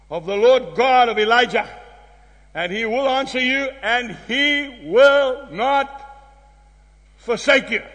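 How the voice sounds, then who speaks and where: High-voiced South African preacher, emphatic. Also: male voice. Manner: emphatic, storytelling, swings from loud exclamations to hushed tones. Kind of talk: sermon. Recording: long hall reverb.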